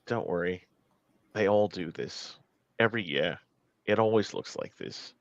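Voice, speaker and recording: A man playing a reserved, solemn young male wizard with an attempted Devon accent, speaking quietly. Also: sits low, lively intonation, measured pace, gravelly, no echo, highs cut off, voice pushed down, full character voice. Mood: calm.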